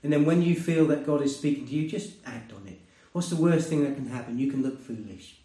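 A man preaching a sermon and sharing a personal testimony, earnest and conversational, rising to loud emphasis and dropping to hushed tones. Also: medium pitch, brisk. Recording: roomy, distant mic.

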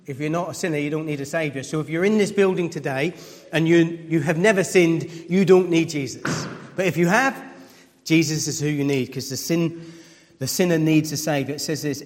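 A man's voice: a little high, brisk, in a large hall. A man preaching a sermon in a church, repeating words and building up to emphatic peaks, acting out the people in his stories.

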